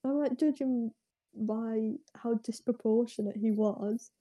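Mellow, husky woman. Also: on the high side, slow, dull audio. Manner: laughs often, chatty, sarcastic. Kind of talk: casual storytelling chat.

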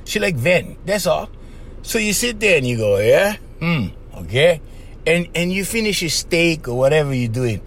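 A man hosting a podcast, giving casual advice in an animated monologue, laughing often and acting out little voices. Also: on the high side, normal speed, a little hiss or hum. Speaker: podcast host.

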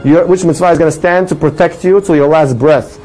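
A man telling a religious story with a moral in an animated sermon style, his voice rising for the dramatic lines. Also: fairly high pitch, brisk, soft background music, poor audio. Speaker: storyteller teaching a religious lesson.

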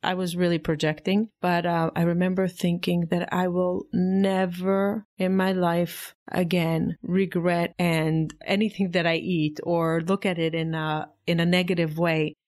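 Woman vlogger, slightly low voice, sincere and self-reflective. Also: level tone, unhurried, few pauses, darkish tone. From Israel. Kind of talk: reflective personal monologue.

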